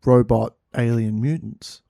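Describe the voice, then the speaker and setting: A man's voice: medium pitch, steady tone, measured pace, vocal fry, dark tone, no room sound. Man doing a blunt disguised alien guy, matter-of-fact, dry close sound.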